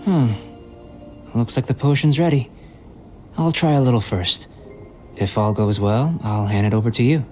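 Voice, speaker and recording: A man voicing a calm, composed young alchemist in a video game, measured and gently lecturing. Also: medium pitch, lightly acted. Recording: game audio with clear music behind. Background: game music.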